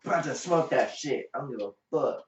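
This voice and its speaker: A man's voice: medium pitch, animated, fairly quick. A man co-hosting a casual podcast, brash and full of slang and cursing. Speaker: podcast co-host. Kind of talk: casual chat. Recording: roomy, distant, dull, faint hiss.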